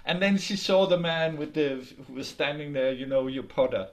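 A man telling a folk tale in a lively, halting way, over a video call. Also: fairly high pitch. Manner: lively, halting with restarts, laughs along. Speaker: storyteller. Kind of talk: oral folk storytelling.

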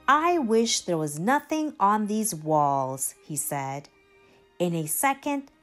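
Slow, lively woman reading a storybook. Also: mid-range voice. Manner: expressive, slow and lively read-aloud. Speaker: storybook reader. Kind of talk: reading a children's picture book aloud.

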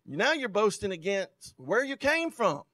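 A male pastor preaches in a fairly high voice, reading scripture aloud and then unpacking it for his congregation. His loudness swells and drops for emphasis as he drives his points home. The recording is close and dry, with no room echo. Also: sing-song, a little slow. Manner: loudness rising and falling sharply for emphasis. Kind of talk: sermon.

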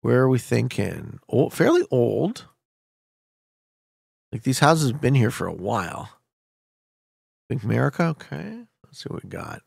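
Lively gravelly man streaming a geography game. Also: mid-range voice, unhurried, long pauses, no room sound, studio quality. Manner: energetic, talks to viewers, loud hype bursts then muttering. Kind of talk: casual gameplay commentary.

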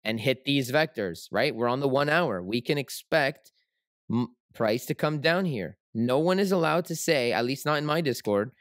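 A man's voice: mid-range voice, lively intonation, normal speed, no room sound, clean studio sound. Casual male livestream trading host. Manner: casual, repeats himself, many fillers and tag questions.

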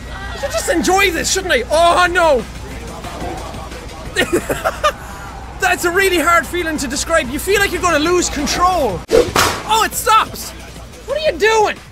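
An Irish man giving excitable gaming commentary, loud and full of screams, swearing and laughter. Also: very high-pitched. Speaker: gaming video host. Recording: music and crowd noise in the mix. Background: music and crowd sounds.

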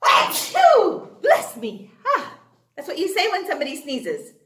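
A woman's voice: sits high, sing-song, moderate pace, a bit bright. A woman teaching an online phonics lesson for young children, asking questions and answering them herself in a sing-song way. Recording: echoey room.

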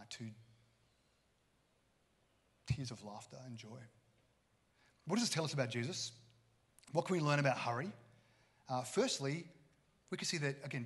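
A man, a pastor giving a conversational sermon and acting out the people in his stories. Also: mid-range voice. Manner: conversational, acts out quoted characters.

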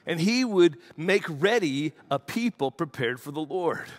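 In a church, a pastor tells a story with animated energy during his sermon, acting out the quotes as he goes. His voice is a little higher than most men's, and his delivery is a little slow.

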